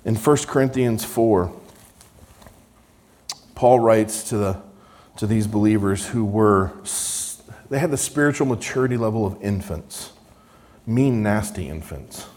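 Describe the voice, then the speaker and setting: A man's voice: on the low side, a little slow, pauses often, darkish tone. A man preaching a sermon, reading scripture with rising emphasis and touches of dry sarcasm.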